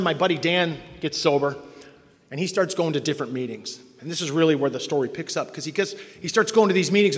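A middle-aged man with a fairly high voice tells a personal story to a listening audience. He is animated and self-mocking, and he slips into other people's voices when he quotes them. His voice rings with the long reverb of a large hall. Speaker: speaker sharing a recovery story.

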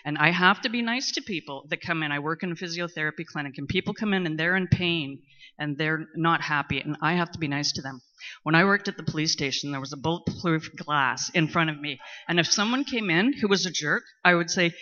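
A middle-aged woman, speaking candidly in a personal testimony at a recovery meeting, talkative and at times loud and boisterous. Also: deep voice, fairly quick. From Canada. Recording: muffled lo-fi recording.

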